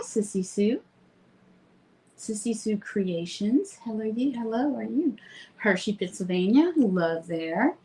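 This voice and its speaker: A woman's voice: mid-range voice, rough recording. A woman hosting a casual live stream from her craft studio, chatting and greeting viewers one by one by name before presenting new products. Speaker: host and owner of a craft stamp company. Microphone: phone streaming live.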